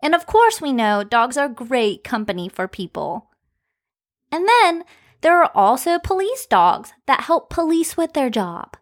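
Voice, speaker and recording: A woman leads a children's alphabet lesson in a gently raised voice, taking her time. She stretches each letter sound out slowly and warmly encourages young listeners to repeat after her. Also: sits high, sing-song. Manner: slow, stretched-out phonics sounds. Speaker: children's podcast host and teacher. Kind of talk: slow, sing-song teaching for young children.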